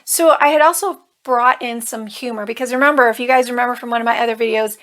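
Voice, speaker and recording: A woman's voice: a little high, fast, a bit bright. A woman coach telling a personal story in a vlog, earnest and emotional, with a touch of nervous humor. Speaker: life coach.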